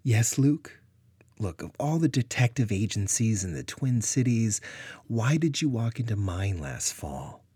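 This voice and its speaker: A timid private detective speaks hesitantly, voiced by a man in a storybook reading. The voice is husky and low, and it sounds dry and close. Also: big pitch swings, measured pace, dark tone, no room sound, heavily acted.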